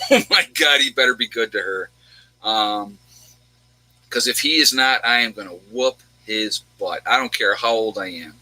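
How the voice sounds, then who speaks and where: Middle-aged man, very bright tone, dry close sound, rambling and teary. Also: mid-range voice, moderate pace, no room sound, poor audio. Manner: rambling, repeats himself, gets teary and laughs. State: emotional, near tears. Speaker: host. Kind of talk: emotional personal storytelling.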